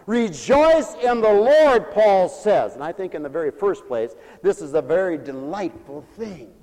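A man, a pastor, preaching a playful, animated sermon in a church, repeating phrases and calling for responses from the congregation. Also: on the high side, normal speed, long reverb tail, low-quality recording.

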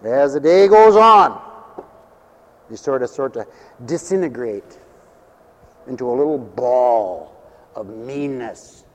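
Animated preacher man with a lively voice. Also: mid-range voice, slow, pauses often, in a large hall. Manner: animated storytelling, acting out scenes. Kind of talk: sermon.

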